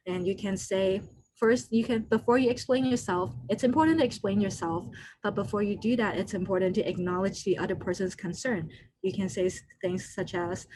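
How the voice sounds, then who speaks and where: A woman's voice: mid-range voice, moderate pace, warm tone, a little hiss or hum, poor audio. Woman giving an online skills workshop. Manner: loose, unscripted, many fillers, acts out short quoted lines. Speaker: workshop presenter. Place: home room over a video call. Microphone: computer mic on a video call.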